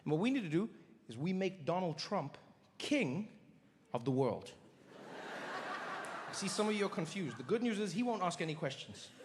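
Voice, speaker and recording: Guy doing stand-up on a mic, high-ish voice, noisy crowd room. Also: sing-song, normal speed, long pauses, big-room sound. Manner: conversational, acting out scenes. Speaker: stand-up comedian. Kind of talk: stand-up comedy. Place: comedy stage before live audience.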